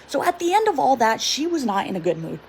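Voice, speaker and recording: A woman's voice: high-pitched, fast, a little hiss or hum. A woman telling a family story in casual storytime style, swearing freely and acting out her parents. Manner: animated, swears freely, acts out family members.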